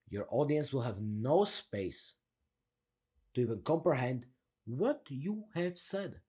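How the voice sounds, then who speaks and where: Energetic young man coaching with lively pitch. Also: unhurried, breathy edge. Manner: energetic, laughing, slangy, demonstrates a deep down-turned delivery. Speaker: confidence coach. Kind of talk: casual coaching monologue.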